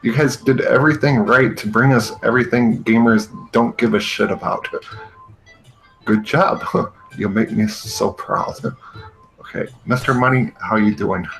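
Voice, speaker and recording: Gravelly, slow-talking male comedy host. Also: on the low side, poor audio. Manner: sarcastic, exasperated, frequent laughing. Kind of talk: comedic rant, parody commentary.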